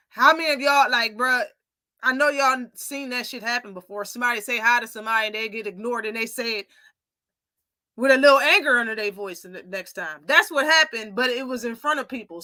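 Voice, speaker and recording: A young adult woman hosting a casual live commentary show, opinionated and animated, acting out quoted lines as she tells them. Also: on the high side, a little fast, no echo. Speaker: host.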